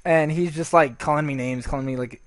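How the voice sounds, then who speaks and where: Man, fairly high voice, dry close sound, rambling casual game commentary, curses a lot. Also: a little fast, dry recording. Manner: rambling, swears freely, many restarts. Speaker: gameplay commentator.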